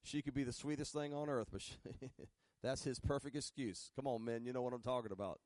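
A man's voice: mid-range voice, fairly even intonation, a little fast, a little mellow, no room sound, clean studio sound. A male pastor preaching a sermon in a folksy way, building to emphatic, rising bursts and spelling out words. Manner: folksy, uses "ain't" and humor.

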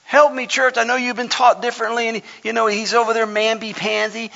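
Fervent preacher with a gravelly voice. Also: male voice, extremely high pitch, flat delivery, a little fast, sharp tone. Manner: fervent, builds to hollering, folksy asides. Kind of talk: sermon. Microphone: microphone. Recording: reverberant hall, dull lo-fi sound.

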